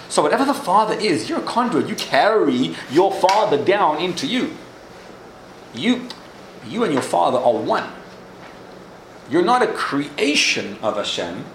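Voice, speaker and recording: A man's voice: on the high side, echoey room, background noise. A man giving a sermon, telling a story and asking questions, with Hebrew terms mixed in. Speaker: rabbi.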